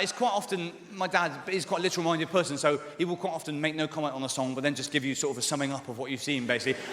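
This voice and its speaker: A man's voice: on the high side, sharp tone, slight background noise. A man performing live stand-up comedy on stage, rambling and hedging with lots of ums and sort-ofs. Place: large live venue on stage. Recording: echoey hall from the stage.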